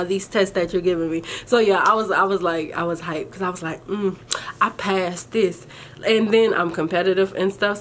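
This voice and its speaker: Young woman vlogger, casual and animated storyteller with a mid-range voice and a faint hum of room ambience behind her. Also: medium pitch. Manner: animated, chatty, addresses viewers as y'all, colloquial.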